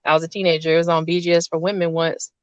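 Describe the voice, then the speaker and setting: A woman hosting a casual chat, telling a long personal story in an animated way and laughing often. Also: lowish voice, rapid-fire, smooth, dry recording. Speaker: host. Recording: dull dry lo-fi sound.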